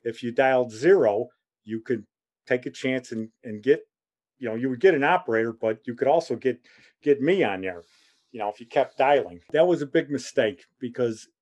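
A man, telling a family story in a loose, rambling way. He chuckles as he goes and keeps slipping into animated quotes of the people in it. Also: mid-range voice. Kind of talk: casual anecdotal storytelling.

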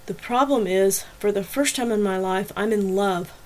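A lovesick adult heroine in a spoken romance novel, quiet and heartfelt, voiced by a woman narrator. She sounds much like the narrator herself, only lower-key. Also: normal speed, close to an everyday voice, poor audio.

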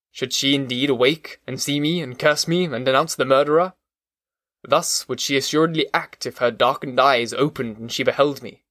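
Male audiobook narrator, measured and even, mid-pitched, dry booth sound. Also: no room sound. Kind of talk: scripted narration of a classic novel.

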